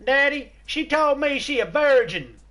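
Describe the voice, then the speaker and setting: A man's voice: extremely high pitch, animated, unhurried, pushed and bright, pitched above the performer's own voice, exaggerated voice. A man voicing a panicky young country newlywed in a put-on American Southern accent in a joke. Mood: panicked.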